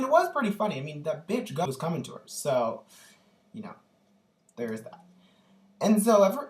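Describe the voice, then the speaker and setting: A young man vlogging casually, telling an animated, gushing story full of ums and likes. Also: medium pitch. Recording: echoey room, distant from the mic.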